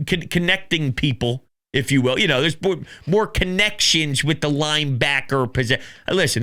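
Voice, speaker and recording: A man hosting a casual sports talk show, taking calls and rambling excitably. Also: medium pitch, clear, resonant tone. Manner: excitable, laughing, rambling with restarts. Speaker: sports podcast host.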